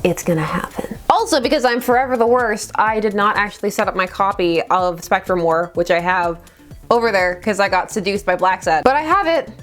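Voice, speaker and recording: A woman runs a casual comic book review, gushing about stories she loves and cutting in with dry, sarcastic asides. Her voice sits at a middling pitch, and her delivery is chatty and fan-driven. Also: lively intonation, brisk, a bit bright, soft background music. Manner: sarcastic, nerdy, enthusiastic asides. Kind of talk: casual commentary.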